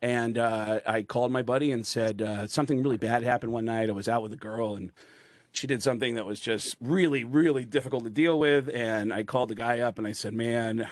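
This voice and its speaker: Male comedian on a video call, rambling story voice, dry close sound, mid pitch. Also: fairly quick, dry recording. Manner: rambling, animated, full of fillers. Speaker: comedian guest. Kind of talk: comic anecdote storytelling.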